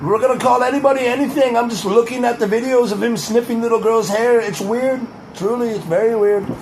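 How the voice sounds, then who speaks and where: A man's voice: extremely high pitch, fairly quick, darkish tone, slight background noise, rough recording. A man doing a loose impression of a boastful male politician, rambling and repeating himself. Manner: rambling, repeats "I tell you".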